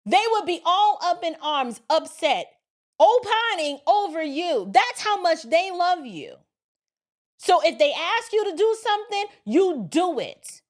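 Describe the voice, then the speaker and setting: A woman hosting opinion commentary, preachy and animated, often slipping into quoted voices of friends. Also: very high-pitched. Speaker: commentary host.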